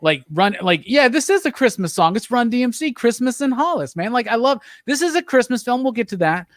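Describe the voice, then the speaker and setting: A man hosting a casual movie review chat, talking with animated enthusiasm and leading the discussion. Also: extremely high pitch, fairly quick, dry recording, studio quality. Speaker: podcast host.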